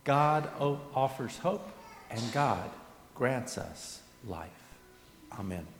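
A man preaching a sermon in a church, earnest, with a lively voice that climbs on questions and settles low at the close of each thought. His voice rings through a roomy hall with a long trailing reverb. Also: slow pace, vocal fry. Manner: earnest, rising questions and soft endings. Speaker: pastor. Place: church sanctuary.

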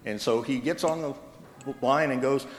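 A male pastor delivers his sermon in an easy, conversational storytelling way. His voice sits at an ordinary pitch and rings through a large echoing church with a long reverb tail. A faint hum of room noise lies underneath. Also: unhurried. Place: church sanctuary. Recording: echoey reverberant church hall.

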